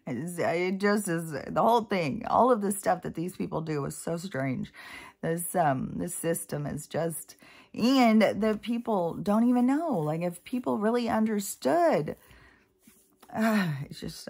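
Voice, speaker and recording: A woman's voice: fairly low pitch, lively intonation, unhurried, a little mellow. A woman vlogger talking in a rambling, casual monologue, full of fillers and asides. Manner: chatty, meandering, many fillers and asides.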